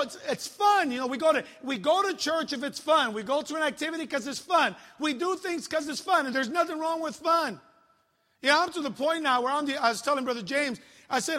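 A middle-aged man preaching as a youth pastor, telling jokes and stories in an animated way. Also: very high-pitched, brisk. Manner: animated, joking storyteller. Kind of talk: sermon. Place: church. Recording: long hall reverb.

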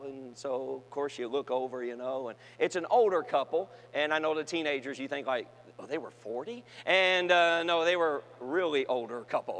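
A man preaching to young people, telling funny stories and swinging from shouted peaks to quiet asides. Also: on the high side. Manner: humorous storytelling with shouted climaxes and quiet asides. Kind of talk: sermon to a youth gathering. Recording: long hall reverb.

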